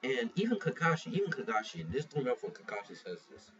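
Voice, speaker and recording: A man with a medium-pitched, sing-song, fairly bright voice talks fast as he casually reviews a manga chapter. He rambles, swears freely and keeps restarting his sentences. The audio is muffled and lo-fi, picked up from a distance with a faint hiss.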